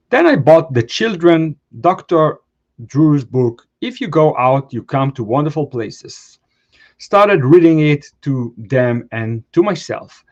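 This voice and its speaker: A man's voice: a little high, sing-song, a little slow, darkish tone, dull audio. A man hosting a show, reading a post aloud in short phrases and adding brief comments of his own. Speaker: host.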